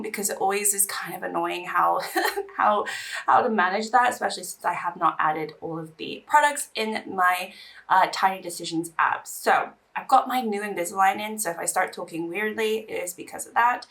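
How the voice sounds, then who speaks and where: A woman's voice: mid-range voice, vocal fry, a bit bright, recorded from a distance. A young woman in casual get-ready-with-me chat, emotional and teary, sighing between bursts of chatter. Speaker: beauty vlogger. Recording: voice a little off-mic.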